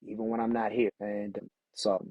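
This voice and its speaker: Husky middle-aged man, podcast guest, earnest storyteller, dry close mic. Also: lowish voice, flat delivery, moderate pace, dry recording, muffled recording. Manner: earnest, storytelling, restarts often. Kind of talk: candid reflective conversation.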